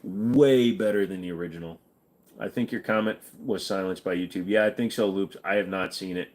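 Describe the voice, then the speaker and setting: A man hosting a casual livestream, reading viewer questions and answering them in a relaxed, chatty way. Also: sits low, brisk. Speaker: livestream host reading chat.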